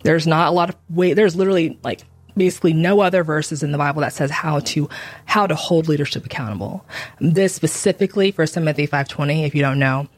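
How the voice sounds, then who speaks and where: A woman's voice: sits low, fast, no echo. A woman talking through a painful personal experience in an intense monologue, often repeating herself and acting out what others said. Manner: intense, repeats herself, acts out quoted speech. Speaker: podcaster on church abuse.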